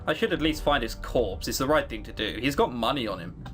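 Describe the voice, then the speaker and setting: A man reading a visual novel aloud as a let's player, with expressive delivery and playful asides. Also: medium pitch, brisk, faint music behind.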